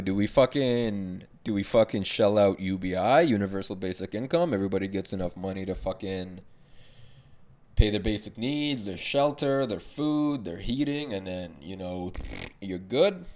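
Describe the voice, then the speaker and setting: A man's voice: fairly low pitch, animated, moderate pace, darkish tone. Profane ranting young man podcaster. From Arab background. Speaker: podcast host. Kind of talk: casual monologue rant.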